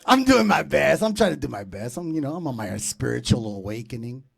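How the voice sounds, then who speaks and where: A man in his thirties hosting a comedy show, doing loud, profane, teasing crowd work from a club stage. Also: mid-range voice, big pitch swings, a little fast, creaky, slightly rough.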